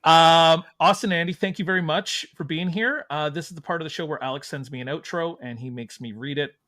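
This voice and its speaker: A man's voice: on the high side, fairly quick, a bit bright, no room sound. A male podcast host wrapping up an interview in a light, joking way. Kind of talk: casual chat.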